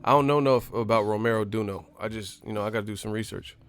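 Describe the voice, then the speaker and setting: A man's voice: lowish voice, fast talker, faint music behind. A man hosting a casual live stream, talking in a loose, slangy, profane way and laughing as he tells stories. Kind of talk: casual boxing talk.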